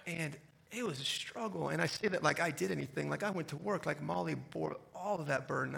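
A man in his thirties tells a personal story to an audience. His voice is gravelly with plenty of fry, bright and fairly high. He acts out each piece of dialogue with animation. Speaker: speaker sharing testimony.

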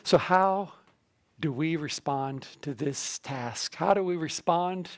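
Gravelly-voiced man preaching a story. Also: a little high, takes it slowly. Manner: storytelling, animated retelling with quoted dialogue. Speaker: missionary preacher. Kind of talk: sermon with personal story.

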